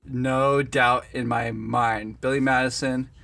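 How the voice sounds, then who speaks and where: A man's voice: mid-range voice, flat delivery, slow pace, vocal fry, a bit bright, no echo. A man co-hosting a podcast, chatting casually and giving blunt opinions about movies. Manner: laid-back, opinionated, quotes movie lines. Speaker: podcast co-host. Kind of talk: casual chat.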